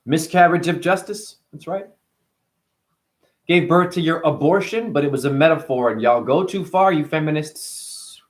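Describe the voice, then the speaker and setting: A man hosting a casual spiritual monologue, animated and profane, full of rhetorical questions. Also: on the high side, moderate pace. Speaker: host.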